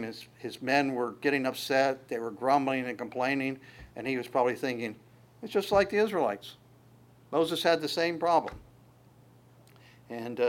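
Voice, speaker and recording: A man teaching a sermon on a Bible passage in a conversational way, often stumbling and repeating words as he explains. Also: mid-range voice. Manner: halting, repeats words, frequent restarts; conversational, folksy storytelling. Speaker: pastor.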